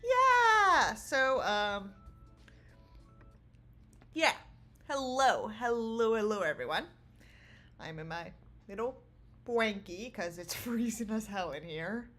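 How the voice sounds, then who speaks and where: A woman's voice: a little high, lively intonation, takes it slowly, pauses often, sharp tone, soft background music. A woman streamer chatting casually with her viewers from home, giggling often and rambling. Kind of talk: casual livestream chat. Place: small home room.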